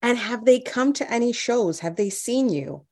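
High-voiced woman hosting a chat. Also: lively intonation, a little mellow. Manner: chatty, quick to agree, playful questions. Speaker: host. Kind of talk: casual chat.

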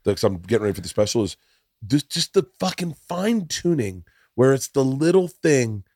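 A man's voice: medium pitch, sing-song, normal speed, darkish tone, husky, dry recording, studio quality. A man hosting a casual comedy podcast, telling profane stories with lots of acted quotes. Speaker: podcast host.

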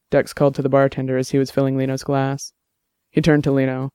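Guy narrating an audiobook, smooth voice, dry close sound. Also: mid-range voice, level tone, quick pace, a little mellow, no echo.

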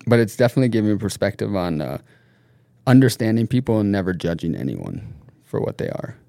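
Gravelly-voiced man telling stories. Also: on the low side, fast, dry recording, studio quality. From Norway and the United States. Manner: animated storyteller, laughs often, swears casually. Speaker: podcast guest. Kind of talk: casual chat.

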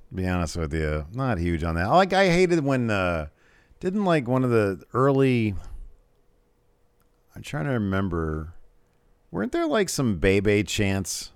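A man's voice: mid-range voice, sing-song, a little slow, smooth, no echo. A man co-hosting a live-streamed podcast, recapping wrestling in a rambling, casual way with lots of fillers. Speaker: podcast co-host.

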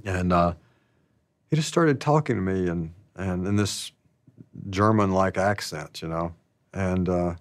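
A man telling stories about his past in a slow, rambling, casual way, laughing often. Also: low voice, dry recording, clean studio sound. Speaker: interviewee. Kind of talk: casual storytelling.

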